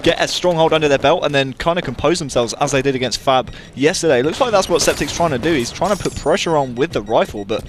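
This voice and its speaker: A man's voice: fairly high pitch, lively intonation, quick pace, few pauses, soft background music. A man doing analytical esports commentary, talking through team history and stats.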